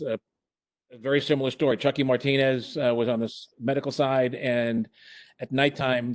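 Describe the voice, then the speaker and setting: An older man telling stories in a relaxed, chatty way, often stopping and restarting mid-thought. His voice sits in a middle register. The sound is close and dry, as over a video call. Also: mid-range voice, no room sound. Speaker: former emergency department chair and program director. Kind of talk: casual storytelling on a video call.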